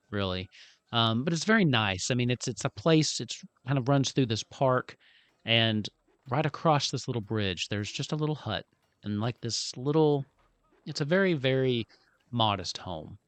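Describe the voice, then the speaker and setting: Relaxed male game master narrating. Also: medium pitch, normal speed, no room sound. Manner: relaxed, rambling descriptions with fillers.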